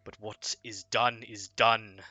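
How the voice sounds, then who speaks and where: A man's voice: lowish voice, little pitch movement, slow, pushed and bright, no room sound, exaggerated voice. A man playing a stern town warden. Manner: formal, solemn pronouncements. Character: stern older male town warden, grave.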